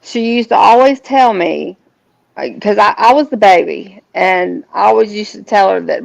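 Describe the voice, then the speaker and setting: A woman, a guest telling a personal story in an earnest, halting way, often restarting her sentences. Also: mid-range voice, creaky, darkish tone. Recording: dull lo-fi sound.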